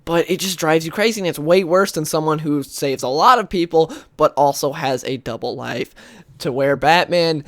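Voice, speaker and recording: A man's voice: on the high side, normal speed, fairly bright tone, no room sound, clean studio sound. Man casually recapping comic stories. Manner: rambling, lots of "like" and "uh"; briefly acts out characters' lines. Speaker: comic book video host. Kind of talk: casual spoken story recap.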